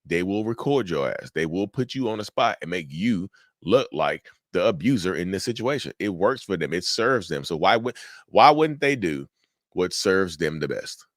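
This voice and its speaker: Man, deep-ish voice, dry close sound; casual, direct advice host. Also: very animated, moderate pace, dry recording. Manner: direct, repetitive, addresses viewers as y'all. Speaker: mental health channel host.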